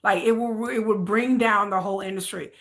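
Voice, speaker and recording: A woman's voice: mid-range voice, fairly even intonation, brisk. A woman vlogger chatting casually on a livestream, rambling and repeating herself as she answers viewer comments.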